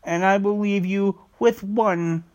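A man's voice: high-pitched, steady tone, slow, darkish tone, lo-fi sound. A man hosting his own podcast in a casual, rambling monologue, swearing freely as he talks. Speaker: podcast host.

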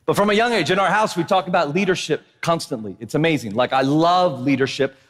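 A man in his thirties preaching a sermon as pastor, telling a funny family story in an animated, joking way and often asking the crowd "right?". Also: on the high side, fast talker. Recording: long hall reverb of a church.

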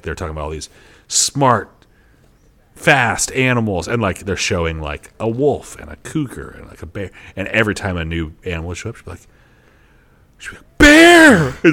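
A man's voice: low voice, fairly bright tone. A young man co-hosting a podcast, chatting casually and rambling, laughing often as he tells stories. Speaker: podcast co-host. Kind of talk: casual chat.

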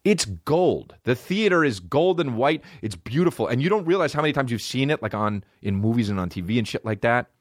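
A male comedian and podcast host telling a profane, animated personal story in casual chat. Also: mid-range voice, brisk, few pauses, dry recording, studio quality.

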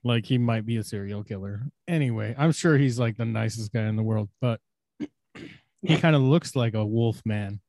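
A man's voice: fairly low pitch, moderate pace, darkish tone, dry recording, studio quality. A man co-hosting a podcast, cracking crude jokes and laughing often. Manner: wisecracking, laughs a lot. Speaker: podcast co-host. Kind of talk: crude casual chat.

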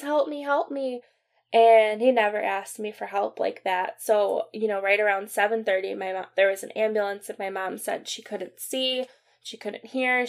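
Young woman podcaster telling a sad story, lots of um and like, goes quiet at the hard bits. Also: mid-range voice. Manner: halting, full of fillers and restarts; quiet and subdued at sad moments. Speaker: podcast host. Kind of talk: personal storytelling.

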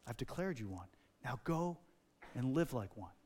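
A man voicing Jesus in a retold dream, speaking softly, slowly and tenderly. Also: medium pitch, expressive, voice pushed down, close to an everyday voice. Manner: soft, slow and hushed.

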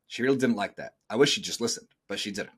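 A man's voice: lowish voice, quick pace, fairly bright tone, husky. A middle-aged man hosting a podcast, talking bluntly and coaching listeners, swearing freely. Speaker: podcast host. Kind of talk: casual podcast talk.

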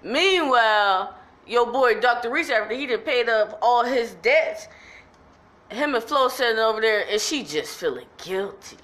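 A woman's voice: on the high side, expressive, unhurried, fairly bright tone. A woman hosting her podcast, telling the story in an emphatic, chatty way. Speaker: podcast host. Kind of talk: casual chat recapping a soap opera.

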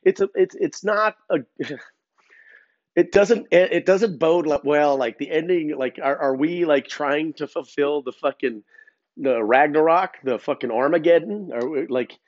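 A man's voice: a little high, a little slow, a little mellow, no room sound. A man hosting a podcast, ranting casually with lots of swearing, stammered restarts and filler words. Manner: rambling, profane, many restarts. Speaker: podcast host. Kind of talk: casual rant. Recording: dull, lo-fi sound.

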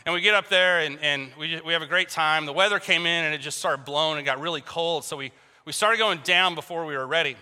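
A man preaching a sermon to a congregation, animated and joking, often asking the crowd questions. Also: on the high side, brisk, smooth. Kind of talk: sermon with personal storytelling. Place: large hall with a congregation. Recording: long reverb from a large hall.

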